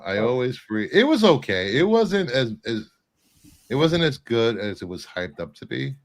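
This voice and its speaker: A man's voice: medium pitch, sing-song, normal speed. Joking man hosting a chatty show. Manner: joking, rambling, with many fillers. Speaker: podcast host. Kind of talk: casual chat.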